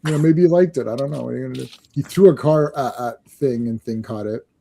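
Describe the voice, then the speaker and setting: A man's voice: mid-range voice, fast, creaky, warm tone. A man co-hosting a casual comic book podcast, laughing often and quoting comedy lines. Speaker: podcast co-host.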